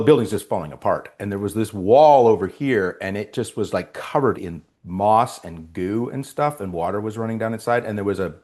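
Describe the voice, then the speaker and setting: A man telling a story in a casual interview as the guest, acting out the voices of the people in it. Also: on the low side. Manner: animated storyteller, acts out voices. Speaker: actor guest.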